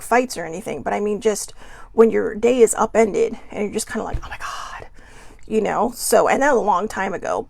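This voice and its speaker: In this clip the host of her own show keeps things chatty and self-deprecating as she talks about feelings, tossing out rhetorical question after rhetorical question in a relaxed motivational tone. She sounds a little high and a little mellow, with vocal fry, on a dry recording.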